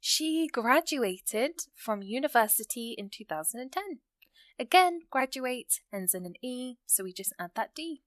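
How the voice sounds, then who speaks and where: A woman teaching an English grammar lesson, explaining rules step by step and reading out example sentences slowly. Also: a little high, expressive, a bit bright, dry recording.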